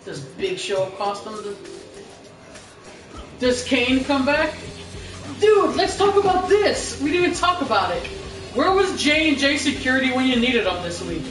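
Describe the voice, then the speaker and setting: A woman's voice: high voice, very animated, a little slow, recorded from a distance. A woman co-hosting a casual wrestling chat show, talking in a chatty, profane, storytelling way. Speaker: podcast co-host. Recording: roomy live stream with music, off-mic.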